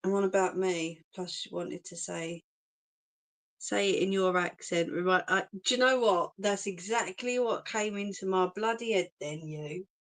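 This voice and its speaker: A woman's voice: medium pitch, fairly even intonation, moderate pace. A middle-aged woman chatting casually with live viewers, reassuring and laughing often. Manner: chatty and reassuring, laughs often, says "do you know what I mean". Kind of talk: casual live-stream chat.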